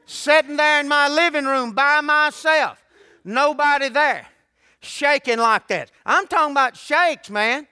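Older preacher guy, real high voice, folksy storytelling sermon. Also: a little slow, pushed and bright, no room sound, studio quality. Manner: folksy storytelling with colloquial grammar. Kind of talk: sermon testimony.

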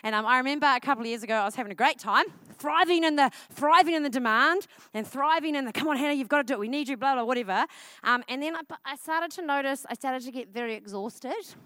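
A woman, preaching a casual, energetic sermon at church. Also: high-pitched, fast, dry recording. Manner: casual and energetic, with frequent "like" fillers.

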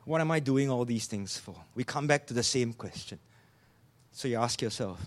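A man preaching a sermon, earnest, asking rhetorical questions and often dropping low and soft. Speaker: pastor.

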